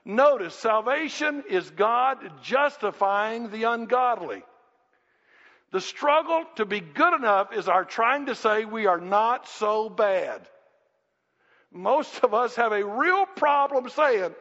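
A high-pitched man preaches with animated emphasis, acting out voices and rising to shouts. His voice carries a long reverb through a hall. The recording sounds dull and lo-fi. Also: slow pace. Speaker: pastor. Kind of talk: sermon. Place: church.

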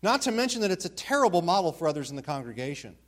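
A pastor preaching an expository sermon, repeating key words and asking rhetorical questions. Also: male voice, sits high, big pitch swings, very fast.

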